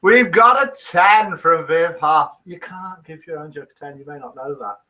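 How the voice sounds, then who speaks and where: A man's voice: fairly high pitch, normal speed, sharp tone, poor audio. A British man in his fifties hosting a live show, chatting and reading out viewers' comments and jokes in a self-mocking way. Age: 50s. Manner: chatty and self-mocking, puts on voices for quotes. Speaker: host of a live daily show.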